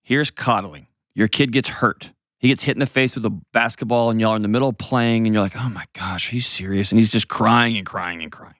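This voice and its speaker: A man's voice: fairly low pitch, brisk, fairly bright tone, dry recording, studio quality. A man hosting an advice show, explaining casually to a caller with acted-out examples and frequent "right?" checks.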